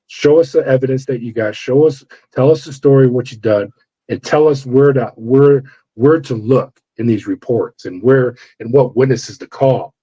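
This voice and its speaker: A middle-aged man, a former corrections officer, telling his story in an interview with animated, profane delivery and acted-out dialogue. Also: mid-range voice, moderate pace, slightly rough. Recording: dull lo-fi audio.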